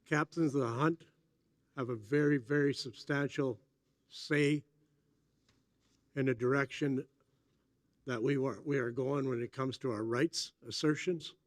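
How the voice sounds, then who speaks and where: A man makes an earnest, emphatic point to an assembly. His voice is mid-pitched and dry, with no room sound around it. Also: steady tone, slow, long pauses, dry recording. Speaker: assembly delegate. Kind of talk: speaking from the floor.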